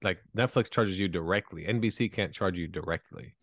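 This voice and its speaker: A man's voice: sits low, brisk, dry recording, clean studio sound. A man hosting a podcast in casual chat, teasing his co-hosts, laughing often and swearing freely. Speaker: podcast host.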